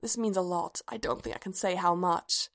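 A woman reading aloud voices a shy, gentle young man in a storybook reading, soft and hesitant. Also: fairly low pitch, fairly even intonation, normal speed.

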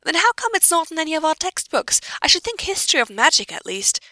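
A woman's voice: big pitch swings, fast, bright, forceful tone, dry recording, heavily acted. A woman reading the part of a clever, bookish young witch who speaks in an eager, questioning, raised voice. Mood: incredulous. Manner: eager, questioning, higher-pitched.

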